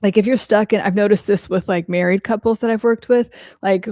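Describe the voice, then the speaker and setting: A woman's voice: mid-range voice, steady tone, a little fast, warm tone, no room sound, studio quality. A woman hosting a casual live Q&A as a psychology coach, speaking bluntly and frankly with lots of "like". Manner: blunt, frank, heavy use of "like".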